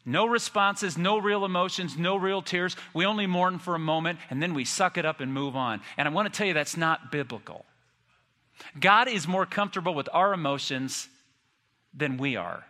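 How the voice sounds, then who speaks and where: A pastor in his fifties preaches with animated, self-deprecating storytelling. His voice is bright and slightly high for a man. The sound carries the long reverb of a church hall. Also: normal speed. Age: 50s. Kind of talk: sermon.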